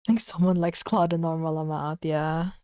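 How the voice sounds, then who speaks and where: A woman's voice: deep voice, steady tone, normal speed, warm tone, smooth, dry recording. A woman streaming from her room, chatting casually with her chat, giggly and gushing, swearing lightly. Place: her own room at home.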